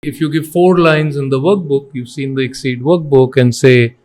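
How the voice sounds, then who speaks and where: Speaking at normal speed in a mid-range voice, this interview guest is a middle-aged man from India who founded an education company. With an Indian English accent, he tells stories earnestly and animatedly, acting out quotes and weaving in Hindi phrases.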